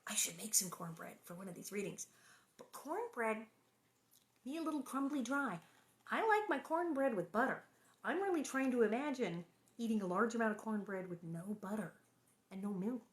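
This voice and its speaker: A woman reading a children's book on stream speaks at a normal pace in a slightly high voice with lively intonation. She breaks off now and then for playful chatter and to answer comments.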